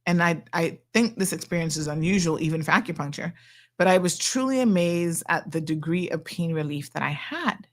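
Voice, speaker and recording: A middle-aged woman, hosting a talk show and telling a story in a chatty, animated way. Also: on the low side, brisk. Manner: chatty and animated, acting out quoted people. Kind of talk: casual storytelling monologue.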